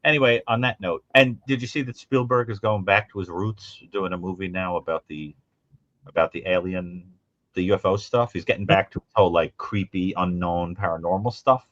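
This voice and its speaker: A man's voice: fairly quick, dry recording, highs cut off. A man co-hosting a call-in show, chatting casually and telling stories with lots of acted-out quotes. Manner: animated storyteller, acts out quotes in high mimicking voices. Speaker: co-host. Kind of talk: casual call-in show chat about horror films.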